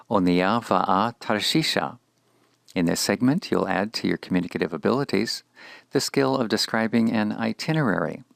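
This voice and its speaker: A man with a very low, gravelly voice reads a scripted language lesson at an unhurried pace. He is measured and deliberate and says each Hebrew word twice for the learner. The sound is dry and close to the mic. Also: a bit bright, no echo. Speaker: Hebrew teacher.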